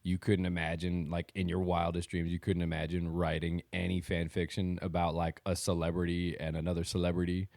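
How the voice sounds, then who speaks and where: Deep-voiced teasing man on a podcast. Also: monotone, brisk, vocal fry, few pauses, darkish tone, no room sound, clean studio sound. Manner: teasing and blunt, swears casually. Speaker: podcast co-host. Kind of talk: casual chat.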